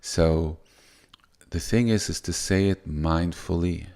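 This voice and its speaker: A man giving soft-spoken, unhurried spiritual teaching, often restarting his sentences. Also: low-pitched.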